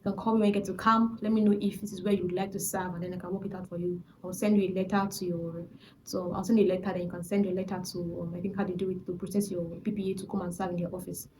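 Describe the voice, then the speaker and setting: A woman voicing a calm, helpful man. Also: high voice, rapid-fire, a little hiss or hum, close to an everyday voice. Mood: reassuring. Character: helpful middle-aged male fellow passenger, calm.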